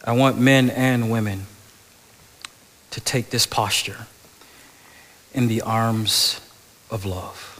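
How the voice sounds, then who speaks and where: A middle-aged male pastor preaching a sermon, moving between loud animated stretches and soft, hushed passages, in a church sanctuary. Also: on the low side, takes it slowly, pauses often, a little hiss or hum. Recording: large hall with long reverb.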